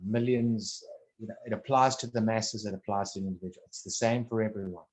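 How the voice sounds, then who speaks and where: A man talking casually one on one, rambling and halting, restarting his sentences and swearing bluntly now and then. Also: fairly low pitch, steady tone.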